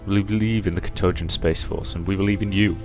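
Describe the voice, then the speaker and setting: Deep-voiced man reading a game aloud. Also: fairly even intonation, fast talker, over music. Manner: reads all characters' lines with shifting pitch and loudness. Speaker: game let's-player. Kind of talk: reading a visual novel aloud, voicing characters.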